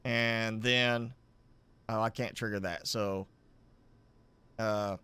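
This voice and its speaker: A man streaming a game live, thinking aloud as he builds, with halting, self-correcting talk. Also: fairly low pitch, fairly even intonation, pushed and bright, clean tone. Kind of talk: live gameplay commentary.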